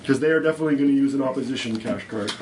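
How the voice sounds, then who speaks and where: A man's voice: medium pitch, distant mic. Man running a tabletop game, roomy and off-mic. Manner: explains rules, then slows down for vivid scene narration. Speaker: game master. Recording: roomy, a little off-mic, faint background hum.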